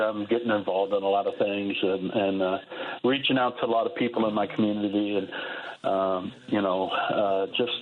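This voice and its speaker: A man's voice: on the low side, narrow, tinny audio. A male regular radio contributor calling in, chatting in a rambling, hesitant way with many fillers. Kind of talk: casual call-in chat.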